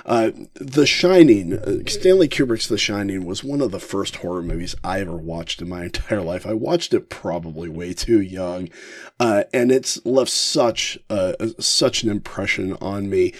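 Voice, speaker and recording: Man, podcast host, casual, chuckling, halting, lowish voice, dry close sound. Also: no echo. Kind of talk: casual episode ranking.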